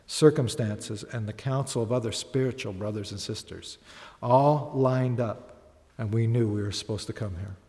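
A man's voice: medium pitch, darkish tone. A man preaching a sermon, telling stories and building to earnest, emphatic appeals. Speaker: pastor. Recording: long hall reverb.

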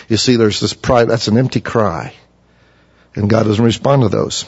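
A man delivers a sermon with earnest conviction, and his voice jumps higher whenever he speaks for someone he quotes. He is recorded in a reverberant hall that leaves a long echo, and the sound is slightly muffled. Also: fairly even intonation, moderate pace, long pauses, breathy edge. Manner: earnest, rises in pitch to voice quoted figures. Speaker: preacher.

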